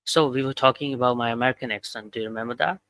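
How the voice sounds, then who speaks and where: A man's voice: medium pitch, very fast, fairly bright tone, no echo, rough recording. A man with a South Asian English accent practicing English, speaking hesitantly with frequent ums and uhs. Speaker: English learner. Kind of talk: casual chat.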